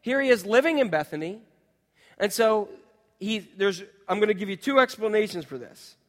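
A man's voice: high voice, expressive, normal speed, fairly bright tone. A man preaching a sermon, retelling scripture in casual modern speech and asking the congregation questions. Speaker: pastor. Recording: long hall reverb.

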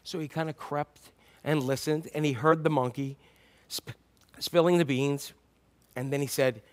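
A man's voice: fairly high pitch, fairly even intonation, measured pace, pauses often. A male pastor telling stories in a sermon, acting out the animals in the tale. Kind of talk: sermon storytelling.

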